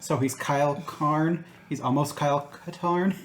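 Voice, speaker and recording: A man's voice: on the high side, steady tone, moderate pace. Blunt, dismissive man with faint noise. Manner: blunt, dismissive, swears often. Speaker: podcast co-host. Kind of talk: casual chat.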